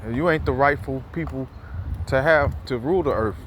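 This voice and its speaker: While walking around a neighborhood outdoors, a scripture commentator gives casual, heated remarks, rambling with fillers and repeats and swearing freely. His mid-range voice runs a little fast over a noisy background.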